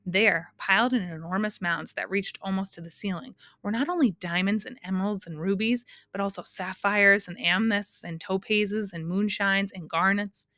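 A woman's voice: medium pitch, normal speed, hardly any pauses, bright, forceful tone, no echo. Woman reading a storybook aloud. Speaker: narrator.

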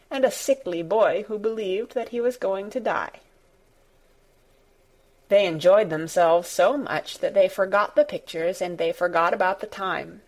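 Woman narrating an audiobook. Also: medium pitch. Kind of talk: scripted narration.

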